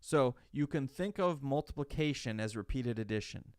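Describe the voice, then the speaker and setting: A man's voice: medium pitch, animated, normal speed, no room sound, clean studio sound. A man teaching a college math class in a chatty, digressive way, full of rhetorical questions. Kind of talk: live online lecture.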